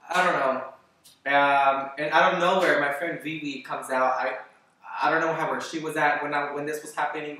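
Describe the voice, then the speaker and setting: Man, vlogger, casual rambling storytelling, lots of filler and swearing, bright voice, far from the mic, very echoey room. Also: on the high side. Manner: rambling and animated, heavy "like" and swearing.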